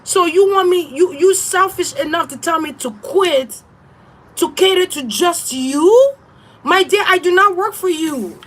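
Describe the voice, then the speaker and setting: A woman's voice: high voice, a bit bright. Blunt, profane woman tarot reader. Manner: blunt, profane and defiant, laughs often. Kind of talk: casual livestream rant.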